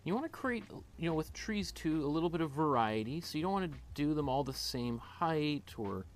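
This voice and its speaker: A man's voice: on the high side, sing-song, moderate pace, a little hiss or hum. A man with a Canadian accent teaching a painting class, thinking aloud while he works, with many fillers and restarts. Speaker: art teacher.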